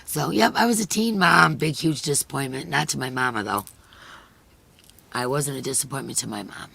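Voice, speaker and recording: A middle-aged woman hosting a crochet live stream, chatting earnestly and emotionally with viewers, her voice hoarse and fading. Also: very deep voice, brisk, sharp tone. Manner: earnest and emotional, many "you know" fillers. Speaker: crochet channel host. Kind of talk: casual chat on a live stream, reading viewer comments.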